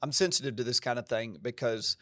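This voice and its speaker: Man, pastor, country twang, emphatic preacher-like manner, mid-pitched voice, dry close sound. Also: fairly quick, pushed and bright, no echo. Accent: American country twang. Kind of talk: podcast conversation.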